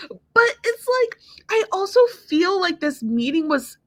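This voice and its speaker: A woman's voice: very high voice, sing-song, no room sound. Blunt, opinionated woman co-hosting a podcast. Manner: blunt, opinionated, quick asides. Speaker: podcast co-host. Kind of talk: casual recap chat.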